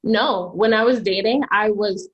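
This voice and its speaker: A woman's voice: mid-range voice, a little slow, husky, lo-fi sound. A woman on a podcast panel telling stories in a chatty way, full of "like" and "um". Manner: chatty, storytelling, frequent "like" and "um". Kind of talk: casual debate chat.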